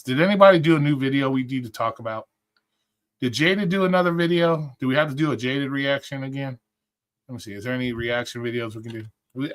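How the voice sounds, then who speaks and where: Male streamer, mid-pitched, rambling and profane, casual rant energy. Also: a bit bright. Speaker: livestream host. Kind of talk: casual livestream commentary.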